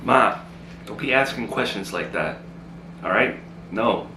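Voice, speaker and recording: A man acting in a comedy sketch, exasperated and quick to argue back. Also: fairly low pitch, roomy sound, background noise.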